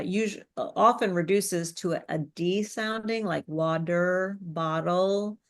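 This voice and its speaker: A woman speech coach, teaching business speaking skills, varying her pace and bringing her pitch down at sentence ends. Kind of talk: live online presentation coaching.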